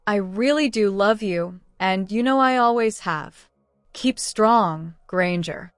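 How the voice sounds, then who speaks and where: A woman's voice: medium pitch, takes it slowly, no room sound, clean studio sound, natural voice. A woman reading a devoted young wizard's love letter aloud in an audiobook. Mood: tender. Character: young man, tender devoted wizard lover. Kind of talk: audiobook narration.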